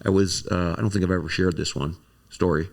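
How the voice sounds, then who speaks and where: A man from Wisconsin, a guest on the show, telling a personal childhood story in a reflective, halting way. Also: sits low, fairly even intonation, creaky. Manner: reflective, halting, many restarts. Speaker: guest, company COO.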